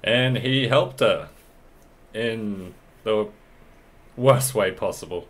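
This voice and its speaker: A man's voice: lowish voice, takes it slowly, fairly bright tone. A man hosting a gaming channel, giving casual let's play commentary and thinking aloud as he plays.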